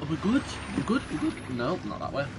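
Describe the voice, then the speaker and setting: A man's voice: a little high, wildly swooping pitch, quick pace, creaky, background noise. Jumpy, swearing British guy gaming. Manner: jumpy, swearing, crude jokes. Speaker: gaming streamer. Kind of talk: horror game commentary.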